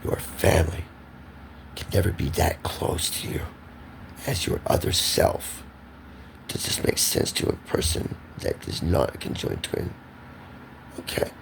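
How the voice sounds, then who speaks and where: Man vlogger, gravelly and lively in pitch, preachy rambling delivery over a noisy background. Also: a little slow, pauses often. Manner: emphatic, repetitive, preachy. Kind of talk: rambling monologue to camera.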